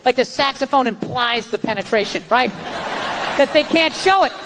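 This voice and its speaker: An American man in his fifties doing a loud, profane, sarcastic stand-up set on stage in a large hall. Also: very high-pitched, moderate pace. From United States. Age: 50s. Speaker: stand-up comedian. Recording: live stage recording with crowd noise. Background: audience crowd.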